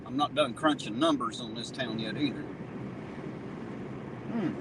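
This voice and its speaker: Speaking at a measured pace in a medium-pitched voice, an auditor hosts his channel from a moving car, chatting casually and mockingly with lots of swearing and laughter. Loud road noise runs through the recording.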